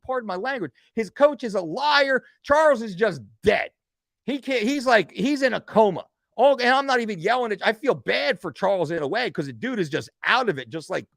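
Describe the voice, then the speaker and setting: A man's voice: high-pitched, fairly bright tone, dry recording. A middle-aged man casually telling a heated backstage story, swearing and repeating phrases for emphasis. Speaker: nutrition coach telling a story.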